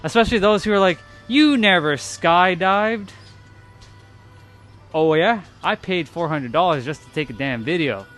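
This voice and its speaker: A man's voice: fairly high pitch, fairly quick, hardly any pauses, faint music behind. A young adult man chatting casually about his photos, loose and emphatic, repeating himself and swearing. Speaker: vlogger. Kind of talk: casual chat over photos.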